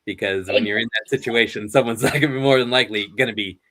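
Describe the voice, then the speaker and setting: A man's voice: lowish voice, fairly bright tone, no room sound, clean studio sound. A man hosting a casual chat who laughs often and slips into cartoon voice impressions. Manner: giggly, slow-talking, does many silly voices. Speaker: host.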